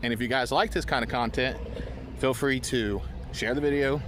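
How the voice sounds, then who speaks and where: He has a steady mid-range voice, normal speed and fairly bright tone, with slight background noise from the handheld phone mic. Climbing a steep hill outdoors, he vlogs out of breath, rambling, poking fun at himself, and restarting thoughts that trail away.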